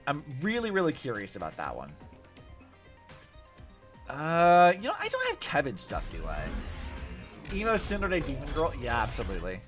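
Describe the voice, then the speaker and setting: A young man chatting casually while playing a game, with lots of fillers and quick asides. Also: fairly high pitch. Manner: chatty, animated, many likes and fillers. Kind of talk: casual gameplay commentary. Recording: faint music behind. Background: faint game music.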